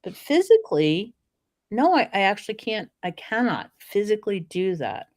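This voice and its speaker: A woman's voice: mid-range voice, normal speed, dry recording, clean studio sound. A middle-aged woman, a dog trainer and author, telling stories in a casual conversation and acting out the voices of the people in them. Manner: animated storyteller who acts out quoted voices.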